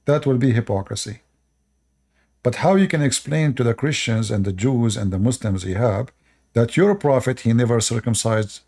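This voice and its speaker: With an Arabic accent, a Middle Eastern man whose native language is Arabic delivers a casual live stream monologue, lecturing viewers through short repeated commands in broken grammar. His voice is medium-pitched and dark, at a moderate pace.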